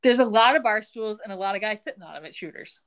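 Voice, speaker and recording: A young woman chats her way through a TV episode recap on a podcast. She is jokey and animated, slipping into the characters' lines as she tells the story, and her pitch rises and falls a great deal. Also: fast. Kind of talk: casual recap chat.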